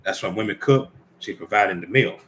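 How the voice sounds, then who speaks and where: A man's voice: fairly low pitch, brisk, fairly bright tone, a little hiss or hum. A man giving informal Bible teaching, reading scripture aloud and commenting conversationally while speaking directly to the brothers and ladies listening.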